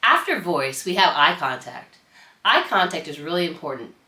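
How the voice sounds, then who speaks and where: A woman instructor giving an upbeat lesson straight to the viewer, with a lively, chatty manner. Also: deep voice, moderate pace, roomy sound. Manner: upbeat, animated, addresses viewer directly. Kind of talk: instructional presentation.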